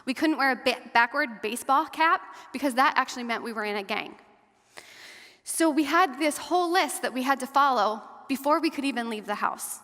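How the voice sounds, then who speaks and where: A woman giving a personal testimony talk to an audience, earnest and measured, slowing and going softer at the hard parts. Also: high-pitched, lively intonation. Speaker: guest speaker and survivor advocate. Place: large hall or church. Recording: long hall reverb.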